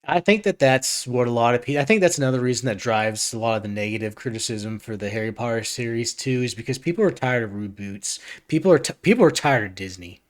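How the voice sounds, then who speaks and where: A man's voice: mid-range voice, quick pace, few pauses. A man streaming a reaction, talking casually in an earnest, rambling way with frequent restarts.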